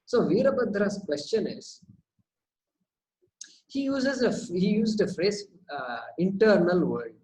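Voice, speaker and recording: Guy teaching, kinda high voice, lively, keeps asking rhetorical questions. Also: measured pace, pauses often, rough recording. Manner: repeats words as he thinks. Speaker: spiritual teacher. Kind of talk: question-and-answer teaching session.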